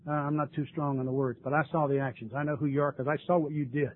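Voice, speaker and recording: A man's voice: on the high side, steady tone, fast. An older man, sharing his recovery story at a meeting in an earnest, emotional way. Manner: earnest, emotional, tearful at times. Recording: tinny lo-fi recording with faint noise.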